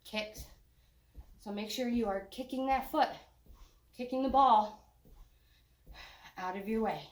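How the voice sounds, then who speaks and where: An older woman talks a home walking workout through, slow and a touch high, joking and sighing between cues. She is audibly out of breath. The sound carries a roomy echo. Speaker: fitness instructor.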